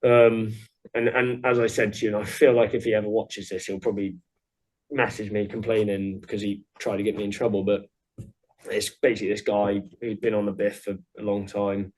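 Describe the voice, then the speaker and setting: A man's voice: fairly low pitch, a little fast, low-quality recording. Blunt, sweary man. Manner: blunt and profane, animated when quoting others. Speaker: interview guest, former soldier. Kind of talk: casual interview storytelling.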